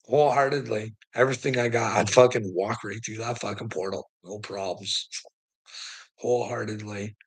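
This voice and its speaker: A man's voice: on the low side, steady tone, moderate pace, slightly rough. A weary man ranting in a profane monologue to the camera, swearing constantly and stammering through restarts. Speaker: vlogger.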